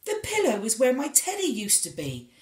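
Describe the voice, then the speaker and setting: A lonely giant who steals teddies, put on by a woman reading a storybook aloud, raised high and loud above her reading voice and slowed down. He booms and weeps in turn. The room around him rings with echo. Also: wildly swooping pitch, distant mic. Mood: gloomy, polite. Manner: booming then weepy.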